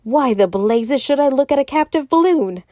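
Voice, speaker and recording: A woman voicing a furious male secretary who shrieks and shouts savagely while reading a story. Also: a little high, expressive, fairly quick, no echo, studio quality, close to an everyday voice. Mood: angry.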